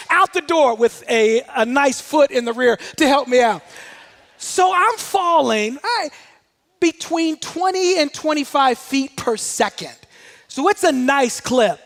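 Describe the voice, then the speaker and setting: A man giving a motivational talk, telling a personal story in an animated way. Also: very high voice, unhurried, long reverb tail. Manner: animated storyteller, shouts out quoted commands. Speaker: motivational speaker.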